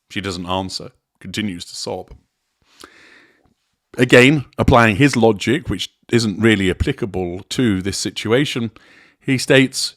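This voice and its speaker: A man giving a measured, deliberate analytical commentary, explaining a recorded interaction step by step. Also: fairly low pitch, fairly bright tone, no room sound, clean studio sound. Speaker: commentator on narcissism.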